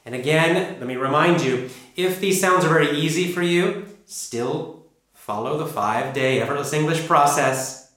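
A man teaching an English pronunciation lesson, drilling sounds and words slowly and emphatically. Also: a little high, fairly bright tone. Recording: echoey room.

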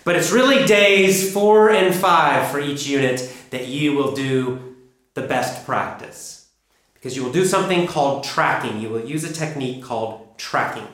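A man giving an English pronunciation lesson, speaking emphatically and deliberately, repeating his key instructions. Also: medium pitch, fairly bright tone. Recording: very echoey room.

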